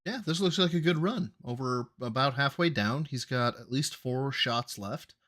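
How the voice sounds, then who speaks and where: A man's voice: mid-range voice, expressive, moderate pace, a bit bright. A man hosting a casual reaction show, thinking aloud and teasing while watching gameplay. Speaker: host reacting to a stream.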